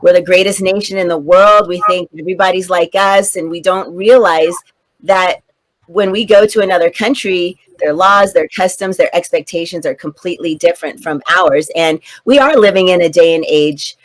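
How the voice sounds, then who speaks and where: A woman's voice: lowish voice, moderate pace. A woman speaking as a panelist in a political discussion, earnest and repeating words as she starts her points.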